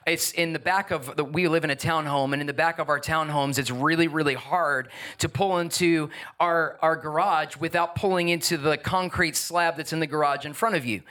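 A man's voice: a little high, steady tone, normal speed, few pauses, bright, forceful tone. A man preaching a sermon, telling a personal story in a conversational way and asking the congregation questions. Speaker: pastor.

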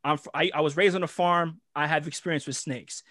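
A man's voice: fairly high pitch, steady tone, a little fast, bright, forceful tone, dry recording, clean studio sound. A young man from New York with a New York accent, telling a prank story in a casual, profane, slangy chat and acting out the voices. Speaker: guest storyteller.

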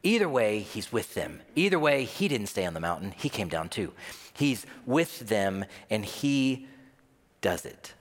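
A man's voice: fairly low pitch, sing-song, unhurried. A man preaching a sermon, telling a story vividly and acting out the voices of the people in it. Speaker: pastor. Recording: long hall reverb.

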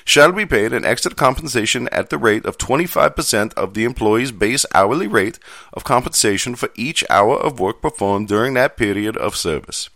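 A man's voice: fairly high pitch, very animated, slow pace, sharp tone, no echo, pitched above the performer's own voice, exaggerated voice. A man putting on a foreign accent to read out dry legal text in a careful, stilted way. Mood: earnest.

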